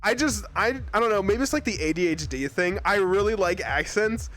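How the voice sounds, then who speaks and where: A man's voice: high voice, lively intonation, a little fast, fairly bright tone. A young man from Arizona chatting casually with his live chat as a streamer, rambling and laughing often.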